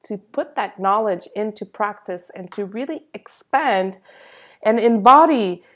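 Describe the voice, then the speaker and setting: A woman's voice: mid-range voice, animated, a little slow, a bit bright. A woman channeling a spiritual energy update, speaking in a reassuring way and sometimes searching for her words.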